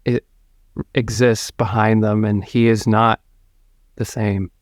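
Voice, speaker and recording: A man narrating an improvised comedy adventure, pausing and restarting often. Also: fairly low pitch, flat delivery, no echo, clean studio sound. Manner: hesitant, halting narration. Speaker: improv comedy podcast co-host. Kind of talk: improvised storytelling.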